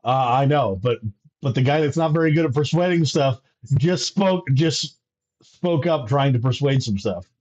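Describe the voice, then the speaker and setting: A man's voice: mid-range voice, expressive, normal speed, a little mellow. A man narrating a live-streamed tabletop game as game master, joking, laughing and stumbling over his words. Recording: dull lo-fi stream audio.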